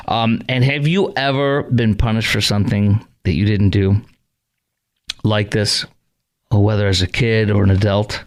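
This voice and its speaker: A man's voice: on the low side, steady tone, unhurried. A man hosting a radio talk show, rambling with many fillers and sounding indignant.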